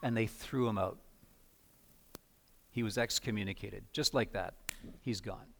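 A man's voice: lowish voice, measured pace, creaky, a bit bright, slight background noise. A male pastor giving a sermon in a conversational way, often stumbling over repeated words. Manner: conversational preaching with dramatic readings and frequent repeated words.

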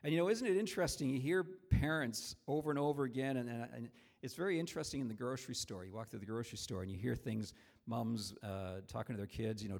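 A man's voice: mid-range voice, fast, gravelly, a little mellow. A man preaching a sermon in a conversational, storytelling way, with frequent restarts.

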